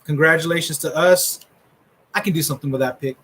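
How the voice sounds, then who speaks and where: Brief: middle-aged male host, casual trash-talking commentary, a touch high. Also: fairly quick, a bit bright, slight background noise, rough recording. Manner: joking, rambling trash talk. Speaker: host revealing a fantasy draft order.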